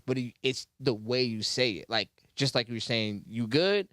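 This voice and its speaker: Halting man explaining. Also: mid-range voice, steady tone, bright, forceful tone, no echo, clean studio sound. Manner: halting, repeats words while explaining. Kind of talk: casual chat.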